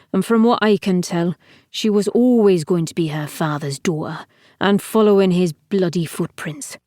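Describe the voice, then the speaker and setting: A woman's voice: on the low side, a little mellow, no room sound, studio quality, lightly acted. A woman reading an audiobook, voicing a crude, blunt old male falcon who mocks and swears. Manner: crass, blunt, mocking.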